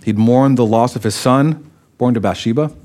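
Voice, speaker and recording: A man's voice: mid-range voice, moderate pace, mellow. A man, a pastor, preaching a sermon and reading scripture aloud expressively, acting out the quoted lines.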